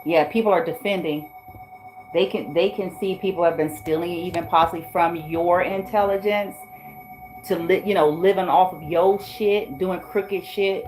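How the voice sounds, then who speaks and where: A woman's voice: on the low side, fairly even intonation, moderate pace, darkish tone, soft background music, low-quality recording. A woman giving a spoken tarot reading in a blunt, profane, slangy way. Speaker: tarot reader.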